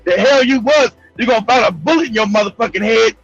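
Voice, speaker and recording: A man with a Los Angeles accent telling a profane street story as a show host, animated, loud and laughing often. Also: extremely high pitch, fast, husky, no echo, dull audio, soft background music. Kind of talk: storytelling monologue.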